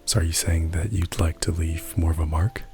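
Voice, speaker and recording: A man voicing a polite, gently teasing male companion in a whispered café role-play. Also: very deep voice, fairly even intonation, normal speed, faint music behind. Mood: gentle.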